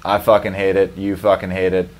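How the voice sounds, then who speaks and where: A man's voice: low voice, completely flat delivery, fairly quick. A man hosting a comedy podcast, ranting in a profane, rambling way and laughing often. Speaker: podcast host. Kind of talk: casual comedic rant.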